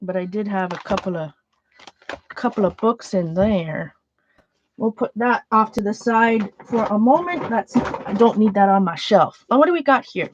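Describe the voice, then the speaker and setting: A woman talks casually while sorting art supplies. She rambles, trails off and restarts her sentences. Her pitch sits in the middle, and the lo-fi home recording sounds dull, with her voice moving closer to the mic and then away. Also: lively intonation, normal speed, background noise. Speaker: art journaling vlogger.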